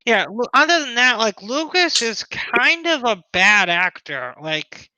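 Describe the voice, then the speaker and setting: A man's voice: extremely high pitch, very animated, a little slow, pushed and bright, no echo, rough recording. A man co-hosting a podcast, chatting casually and rambling through his opinions with lots of restarts. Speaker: podcast co-host. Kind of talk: casual chat.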